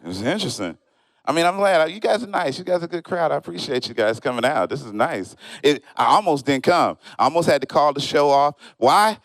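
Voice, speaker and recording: A man doing a stand-up comedy set on stage, telling stories in an animated way and acting out the people in them. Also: fairly high pitch, a little fast, no room sound. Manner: animated storytelling, acts out friends and strangers in quoted voices. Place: comedy show stage, live audience.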